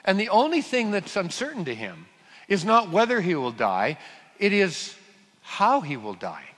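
Lively, joking preacher in a hall. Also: male voice, sits high, moderate pace. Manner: humorous, storytelling, frequent restarts, sudden loud bursts. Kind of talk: sermon. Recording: long hall reverb.

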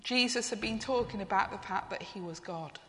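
A woman's voice: medium pitch, moderate pace, pushed and bright. A woman preaching a sermon. She reflects on her theme and asks the congregation questions. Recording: long reverb of a church hall.

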